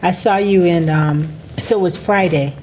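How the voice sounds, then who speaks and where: A woman bodybuilding competitor chatting casually and acting out a conversation with lively quoted lines. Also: fairly low pitch, normal speed, slight background noise. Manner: lively, acts out dialogue in a raised voice. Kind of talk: casual chat.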